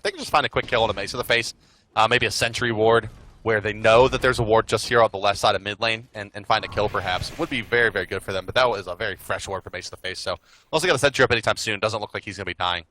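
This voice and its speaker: A man co-casting an esports match, giving quick color commentary with jokes and excitement on the plays. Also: lowish voice, slight background noise. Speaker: esports caster.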